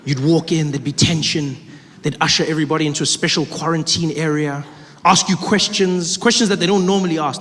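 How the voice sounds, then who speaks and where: A South African man in his thirties telling stories in a stand-up comedy set, shifting quickly between voices. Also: fairly high pitch, steady tone, fairly bright tone, slight background noise. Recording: live hall reverb, faint ambience.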